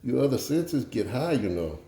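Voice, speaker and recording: A man's voice: medium pitch, big pitch swings, normal speed, mellow, reverberant, voice pushed up. A man voicing a blind Cajun man looking for work, drawling, sly and confident, with a Cajun accent.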